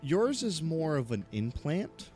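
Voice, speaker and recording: A man's voice: fairly high pitch, very animated, takes it slowly, darkish tone, soft background music. A man narrating a tabletop game as game master, describing scenes casually with many fillers.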